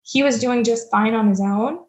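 A woman's voice: on the high side, normal speed, darkish tone. A young adult woman speaking as a podcast guest, earnest and reflective, a little self-deprecating about her stepmom experience. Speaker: guest, stepmom platform founder. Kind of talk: candid podcast interview. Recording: dull lo-fi remote audio.

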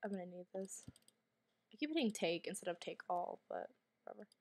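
A woman's voice: on the low side, animated, fairly quick, a little mellow. Jumpy woman gamer, sick and coughing. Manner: jumpy, anxious, swearing, drops to whispers. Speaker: gamer streamer. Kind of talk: let's play commentary.

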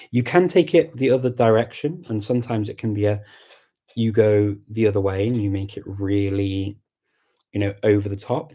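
Low husky man coaching language learners. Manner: thoughtful and explanatory, reads out comments and reacts warmly. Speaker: language-learning coach hosting a live chat. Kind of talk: casual live-stream chat answering viewer questions.

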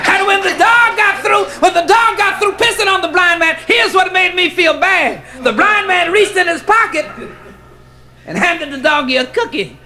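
A male stand-up comedian with a very high, piercing, bright voice. He rattles through a raunchy routine, shouting the punchlines. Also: lively intonation, moderate pace. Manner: loud, shouting punchlines, profane.

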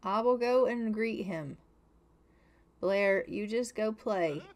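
A woman's voice: medium pitch, slow. A young woman giving chatty, exasperated and dramatic commentary over a life-sim game. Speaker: let's play host.

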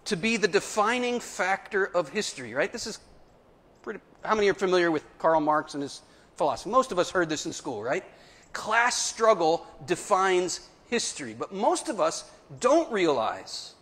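Middle-aged male Catholic speaker, animated storyteller addressing a crowd, echoing hall. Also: high voice. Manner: animated storyteller, playful asides. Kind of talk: live talk to an audience. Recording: long hall reverb.

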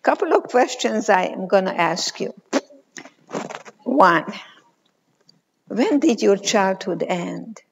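A woman in her eighties, a psychologist, giving a motivational conference talk, telling stories slowly and emphatically with pauses. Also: mid-range voice, expressive, gravelly, slight background noise. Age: 80s. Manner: slow, emphatic storytelling with pauses. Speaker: keynote speaker, psychologist. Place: large conference hall. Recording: reverberant hall, muffled sound.

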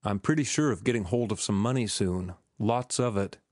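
A man reading the part of a young former sailor who speaks gently and firmly, in measured audiobook dialogue. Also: on the low side, no room sound, clean studio sound, lightly acted. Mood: gentle.

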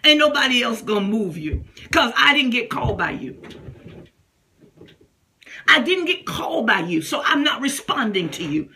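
A woman preaching a sermon with fervent intensity, mixing folksy asides with bursts of praying in tongues and raised, shouted lines. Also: a little high, big pitch swings, normal speed, long pauses.

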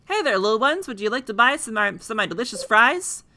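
A woman reading out a cheerful fry stand vendor, upbeat and salesy, bright voice. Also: on the high side, big pitch swings, fast, slight background noise, pitched above the performer's own voice.

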